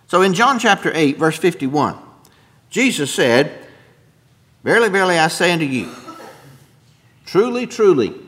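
A man preaching a sermon as pastor, emphatic, dropping soft and then rising loud, with throat-clearing and chuckling asides to the congregation. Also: on the high side.

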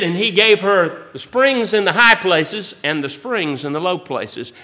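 A man's voice: high-pitched, bright, forceful tone. A man preaching a sermon as pastor. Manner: folksy preaching, rising to bold emphasis.

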